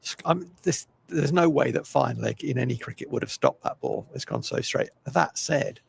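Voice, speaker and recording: An older man giving chatty, opinionated live cricket commentary, with a gravelly voice. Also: medium pitch, wildly swooping pitch, normal speed. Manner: chatty, opinionated, self-deprecating.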